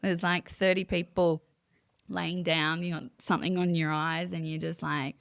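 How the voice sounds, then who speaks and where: A woman guest on a conversational podcast, telling a personal story in an animated way and acting out her own quoted thoughts. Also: on the low side, moderate pace, vocal fry, no room sound, studio quality. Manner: many fillers and restarts. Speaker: guest, psychic medium. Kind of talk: casual interview storytelling.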